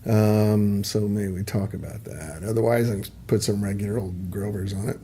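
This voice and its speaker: A man's voice: fairly low pitch, steady tone, normal speed, dark tone, slightly rough. A middle-aged man hosting a casual livestream, chatting in a rambling way with lots of ums and asides. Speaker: livestream host.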